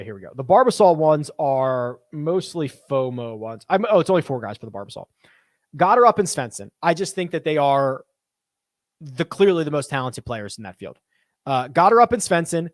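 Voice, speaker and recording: A man's voice: a little high, no echo. Chatty man with a dry close sound. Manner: chatty, thinks aloud, reads viewer questions. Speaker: host. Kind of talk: casual live-stream chat.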